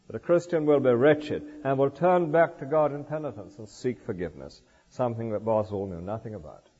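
Older male preacher, lively, echoing church. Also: mid-range voice, husky. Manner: lively expository preaching, rhetorical asides. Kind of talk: sermon. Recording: dull lo-fi recording in a reverberant church.

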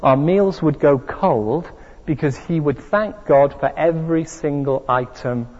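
Slow, husky preacher. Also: male voice, a little high, darkish tone. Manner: emphatic, rhetorical questions. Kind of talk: sermon. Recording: dull recording, long hall reverb.

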